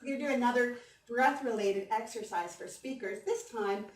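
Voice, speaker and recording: An upbeat woman voice coach speaks to a conference audience, her voice a bit high. It is recorded from a distance in an echoing hall with faint background noise. She coaches warmly and keeps the audience engaged. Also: normal speed. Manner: upbeat, encouraging, leads audience through breathing exercises. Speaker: voice coach giving a conference talk. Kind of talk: presentation on stage. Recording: roomy hall sound from a distance, faint ambience.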